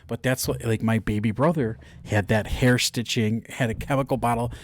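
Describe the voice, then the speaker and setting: A man's voice: medium pitch, fairly even intonation, moderate pace. A man chatting casually, telling a story with many fillers and restarts. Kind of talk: casual chat.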